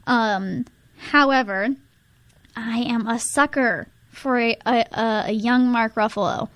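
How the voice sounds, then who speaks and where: A woman's voice: on the high side, takes it slowly, fairly bright tone, no room sound. A young woman co-hosting a casual chat podcast, rambling and giggly with lots of restarts. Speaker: podcast co-host.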